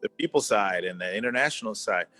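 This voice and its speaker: A man's voice: on the low side, animated, fast talker, bright, forceful tone, faint music behind. A man in his fifties, a former executive, talking earnestly as an interview guest and repeating words for emphasis over a video call. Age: 50s. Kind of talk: conversational interview.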